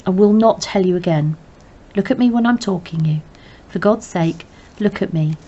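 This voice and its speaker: A woman's voice: fairly low pitch, moderate pace, warm tone, close to an everyday voice. A woman reading aloud and voicing a stern, exasperated middle-aged father who scolds in clipped lines. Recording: dull lo-fi recording.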